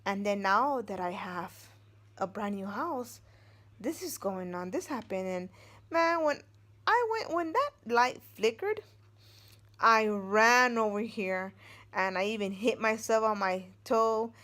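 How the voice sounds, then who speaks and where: A woman's voice: medium pitch, expressive, slow pace, fairly bright tone. A middle-aged woman vlogging from home, telling a personal story in a rambling, meandering way. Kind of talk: casual storytelling.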